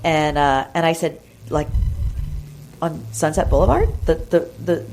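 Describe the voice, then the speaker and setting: A woman's voice: low-pitched, expressive, unhurried, darkish tone, a little hiss or hum. A woman guest on a podcast, chatting casually and gushing as she tells stories, acting out the voices of the people in them. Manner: chatty, gushing, full of fillers and acted-out quotes. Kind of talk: casual storytelling chat. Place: podcast studio.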